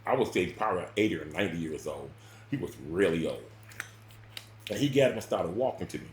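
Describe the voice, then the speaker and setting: Man, low voice, rambling spoken story, repeats himself, roomy echo. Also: animated, fast talker, a little hiss or hum. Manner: rambling, repeats words, loud bursts and quiet drops.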